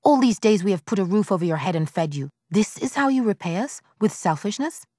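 Woman voicing a harsh, shrill mother-in-law. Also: expressive, normal speed, darkish tone, no room sound, clean studio sound. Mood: screaming.

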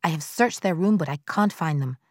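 Woman voicing a harsh, shrill mother-in-law. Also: expressive, a little fast, no room sound, studio quality.

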